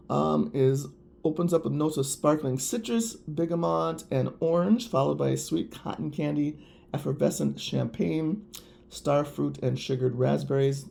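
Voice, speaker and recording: A man reviewing nail polish chats casually to his viewers, gushing with enthusiasm and addressing them directly. His voice is mid-range, creaky and dark in tone.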